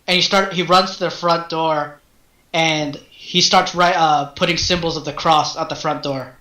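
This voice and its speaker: A man narrating a tabletop game as game master, in loose, halting narration with restarts. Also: a little high, steady tone, bright, forceful tone, reverberant.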